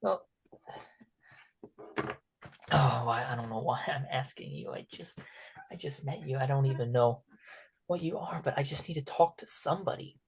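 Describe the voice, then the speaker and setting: A man's voice: mid-range voice, creaky, breathy edge. A man putting on a timid teenage orphan girl. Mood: pleading. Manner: hesitant, halting and soft-spoken, often whispering.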